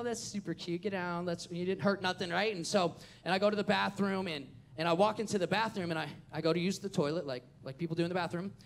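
A man, preaching a sermon as a pastor and acting out a family story with lively storytelling. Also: sits high, slight background noise. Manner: animated storytelling, acts out the scenes.

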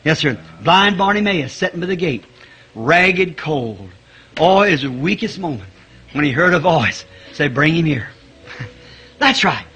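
Male preacher, high and ringing, wildly swinging pitch, shouts at the peaks. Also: husky. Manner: fervent, rising to shouts, chuckling. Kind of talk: sermon.

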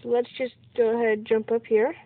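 A woman records casual let's-play commentary over her gameplay, excitably exclaiming and yelping at every in-game surprise. Her voice is on the high side and a little fast, and the recording is tinny, phone-like and dry, with no room sound.

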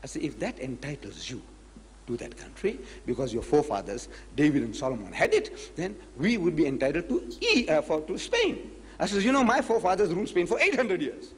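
Man with a high, husky voice, lively public lecturer who acts out both sides of a debate; long hall echo. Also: fairly quick. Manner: animated storyteller, acts out both sides of the dialogue. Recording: echoey lecture hall recording.

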